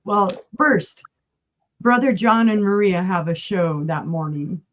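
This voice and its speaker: A woman's voice: mid-range voice, animated, slow pace, a little hiss or hum. Chatty woman calling a live auction. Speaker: live sale co-host.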